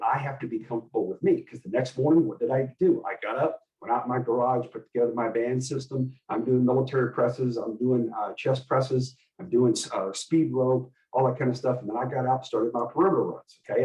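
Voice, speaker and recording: A middle-aged man coaching a group, animated and full of questions for the people listening. His voice sits in a plain middle range and comes from some distance off the mic. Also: medium pitch, muffled recording. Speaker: host and communication coach. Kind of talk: teaching a group session.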